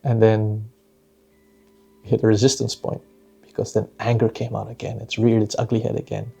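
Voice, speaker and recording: Dad talking through a story about his kid, gravelly low voice, keeps saying "right?". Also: monotone, normal speed, mellow. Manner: conversational, repeats "right?" and "you know". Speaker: father sharing a parenting story. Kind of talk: reflective storytelling talk.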